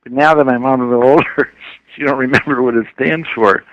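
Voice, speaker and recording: A man appearing as a comedian guest on a talk show, playful and quick to laugh as he trades jokes. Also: medium pitch, dry recording, highs cut off. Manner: giggly, playful, lively. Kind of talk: casual talk show banter.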